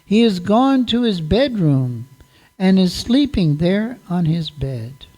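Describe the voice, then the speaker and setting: A man voicing a gentle young woman who answers an older woman calmly and respectfully, in a devotional story told at a sermon. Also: high-pitched, slow, full character voice.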